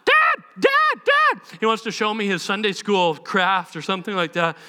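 A man preaches a sermon during a church service in a high, ringing voice. He speaks with earnest passion and slips into the voices of others as he tells stories. His tone is bright and forceful. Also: a little fast, clean tone. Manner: earnest and impassioned, acts out voices and prayers. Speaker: pastor. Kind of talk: live sermon.

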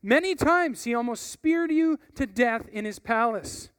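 A man playing a furious male soldier who shouts his frustration at his leader, read dramatically from a book. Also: very high voice, animated, measured pace, smooth, dry recording, clean studio sound, in a large hall, exaggerated voice. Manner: loud, shouting, pleading. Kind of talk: dramatic reading of a book passage.

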